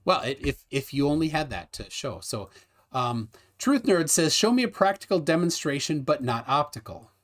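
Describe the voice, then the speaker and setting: A man's voice: fairly high pitch, expressive, fairly bright tone. A man hosting a livestream debate in casual chat, reading out viewer comments and asking his guest questions with a bantering, teasing manner. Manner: bantering, questioning, quick laughs.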